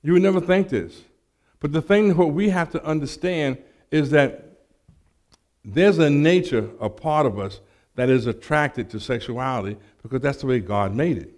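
Animated male preacher telling a story. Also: fairly high pitch, normal speed. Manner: animated storyteller, acts out dialogue, stammers on restarts. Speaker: preacher giving testimony. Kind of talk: sermon with personal story.

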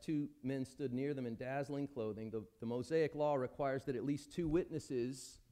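A man's voice: on the high side, darkish tone. A man preaching a sermon at a church service, talking conversationally and putting questions to the congregation. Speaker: pastor.

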